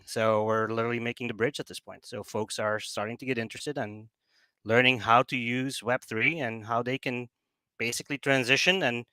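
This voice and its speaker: On a remote call, a guest who works as a project business developer explains things in a relaxed chat, leaning on fillers and frequently restarting. His mid-range voice is smooth yet pushed and bright, with no room sound.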